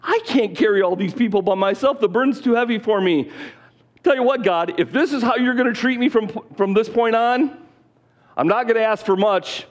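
A man's voice: high-pitched, normal speed, voice pushed up, natural voice. A man voicing an exasperated older male prophet at his breaking point, pleading in a strained, indignant voice.

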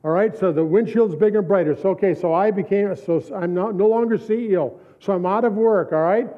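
High-voiced man preaching, tinny sound. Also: a little fast. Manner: storytelling, repetitive emphatic phrasing, laughs often. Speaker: pastor. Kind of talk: sermon. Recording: tinny phone-like recording.

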